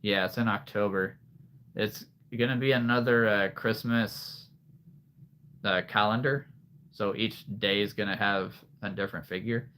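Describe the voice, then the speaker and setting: Male livestream host, unhurried and low-pitched, rambling and chuckling, a touch breathless. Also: steady tone, bright, forceful tone, slight background noise. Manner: rambling, chuckles often, playful wordplay. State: a bit out of breath. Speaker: livestream host, figure collector. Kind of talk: casual livestream chat reading comments.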